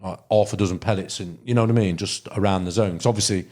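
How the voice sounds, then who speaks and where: This Derbyshire man, a carp angler guesting on a podcast, talks fast in a low, steady, somewhat dark voice. He rambles through lengthy fishing tales in relaxed conversation, constantly restarting and dropping in fillers.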